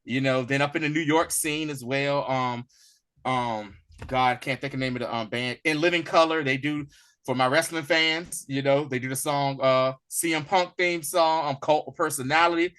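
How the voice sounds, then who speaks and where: A man co-hosting a casual movie review podcast, animated and quick to act out scenes. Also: medium pitch, clean tone. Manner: animated, acts out movie lines in a raised voice. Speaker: podcast co-host.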